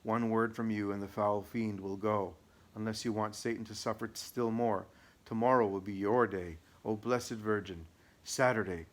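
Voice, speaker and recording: A man's voice: fairly low pitch, fairly even intonation, moderate pace, natural voice. A man reading the part of a stern, commanding exorcist priest in an audiobook. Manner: firm, commanding.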